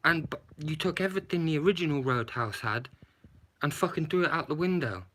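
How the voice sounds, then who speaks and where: A man's voice: fairly high pitch, fairly quick, a bit bright, a little hiss or hum. A man doing a live-streamed movie review from his phone, ranting with lots of swearing and rhetorical questions. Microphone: handheld phone camera, shaken while talking.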